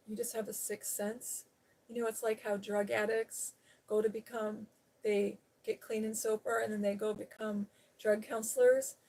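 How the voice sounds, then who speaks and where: A woman's voice: mid-range voice, mellow. A woman hosting a live stream, telling a personal story in a frank, rambling casual chat full of "you know" and the odd laugh. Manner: laughs while talking.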